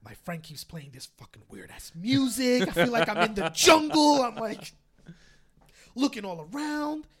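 A young man co-hosting a podcast, telling a story in casual chat, animated and swearing, often laughing. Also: very high voice, moderate pace, a crowd in the background. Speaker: podcast co-host.

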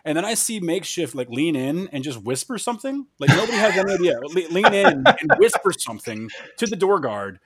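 A man in casual podcast chat, telling a story with excitement and frequent restarts. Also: fairly high pitch, fairly quick, hardly any pauses, crowd noise. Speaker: podcast host or guest.

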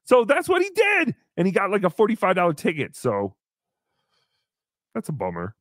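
A man hosting a live show, telling a story in casual chat with animated, exasperated swearing. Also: sits high, moderate pace, no echo, clean studio sound. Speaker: podcast host.

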